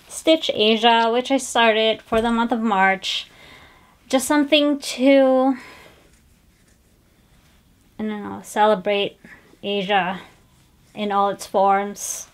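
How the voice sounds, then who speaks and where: A woman's voice: mid-range voice, clean tone. A woman hosting a stitching vlog, showing her finished pieces in a chatty, digressive way with frequent fillers and self-corrections. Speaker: flosstube host showing cross-stitch finishes. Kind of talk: casual show-and-tell chat.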